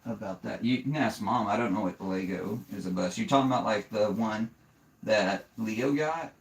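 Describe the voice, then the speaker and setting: Man, gravelly voice, snake breeder hosting a casual live stream; plainspoken and frank, gentle with a kid. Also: on the low side, moderate pace. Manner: plainspoken, giving frank advice; gentle, patient with his young son.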